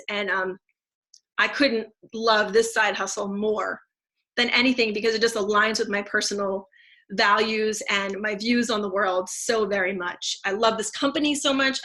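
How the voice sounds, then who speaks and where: A bright, chatty woman with a fairly high voice tells her story in a casual testimonial. She's a teacher who also sells essential oils, and she talks effusively, full of fillers and restarts.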